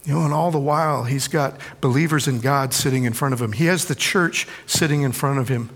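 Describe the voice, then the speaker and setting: A middle-aged male preacher giving a sermon, swinging from loud pleading quotations to hushed asides. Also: medium pitch, brisk, long reverb tail.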